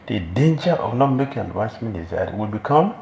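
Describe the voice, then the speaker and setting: A man preaching a scripture class in a temple hall, his lowish voice grainy with fry. He talks emphatically and circles back to repeat his main phrases. The room rings around him. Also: big pitch swings, brisk, darkish tone, a little hiss or hum. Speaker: spiritual teacher giving a scripture class. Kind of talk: sermon. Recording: roomy hall echo.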